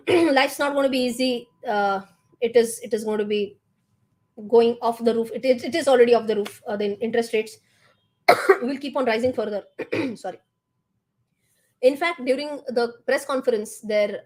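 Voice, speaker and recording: Animated Indian woman hosting a finance livestream. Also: sits high. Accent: Indian English. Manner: animated, mixes in Hindi words, quizzes viewers. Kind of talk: live market commentary.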